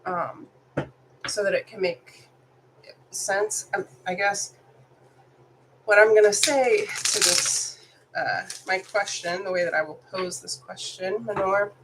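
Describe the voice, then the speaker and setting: A woman's voice: mid-range voice, steady tone, takes it slowly, long pauses, background noise. Sick-sounding woman doing live tarot. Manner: apologetic, chatty, reads card texts aloud. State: sick, congested. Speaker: tarot reader. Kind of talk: live tarot reading stream.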